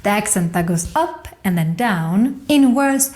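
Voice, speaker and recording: A woman with a Swedish accent giving a scripted pronunciation lesson, slowly drawing out example words in a sing-song lilt. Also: animated, a little mellow. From Sweden. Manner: slow, carefully drawn-out demonstration words with sing-song pitch. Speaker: language teacher.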